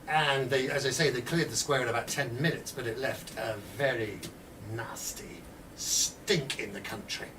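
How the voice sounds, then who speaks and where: A man telling a historical story in a lively way, speaking directly to his listeners and acting out voices, heard from a distant mic with faint room noise. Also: on the high side.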